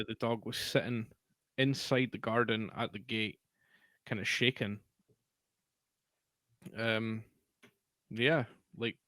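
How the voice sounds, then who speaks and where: A man's voice: medium pitch, fairly bright tone, no room sound. A man telling a story in a casual, sweary, rambling way on a podcast. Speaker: podcast co-host.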